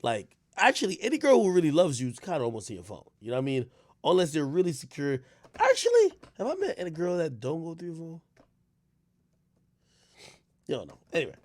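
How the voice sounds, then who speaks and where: A young man in casual reaction commentary, telling stories with lots of fillers and sudden bursts of shouting. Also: on the high side, a little fast, pauses often, no room sound. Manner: animated storytelling with frequent fillers, bursts of shouting. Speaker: streamer commentator.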